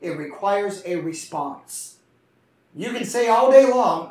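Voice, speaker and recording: A man's voice: high voice, animated, takes it slowly, darkish tone. A man preaching a sermon in a church with passion, calling for responses from the congregation. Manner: impassioned, call-and-response preaching. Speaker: pastor. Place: church sanctuary. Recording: echoey room from far off.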